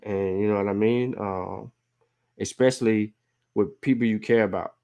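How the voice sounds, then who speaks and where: Low, even-toned man hosting a show. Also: normal speed, creaky, lo-fi sound. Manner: earnest, rambling with many fillers. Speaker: show host. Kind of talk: casual livestream talk.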